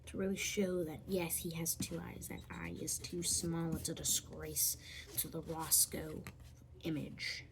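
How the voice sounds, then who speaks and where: A woman vlogger draws on camera and chats casually through a tutorial in a steady, gravelly voice at a measured pace. She rambles playfully, often drops to a whisper while drawing, and makes silly squeaky noises. There's a little hiss or hum in the recording.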